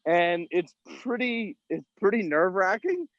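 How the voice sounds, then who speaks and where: A man with a slightly high voice tells self-deprecating golf stories, swearing freely in a casual, rambling way. He is calling in from outdoors at a golf event. The sound is dull and lo-fi, with little room echo. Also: expressive, unhurried, fairly bright tone. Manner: profane storytelling, self-mocking. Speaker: podcast co-host. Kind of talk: casual chat.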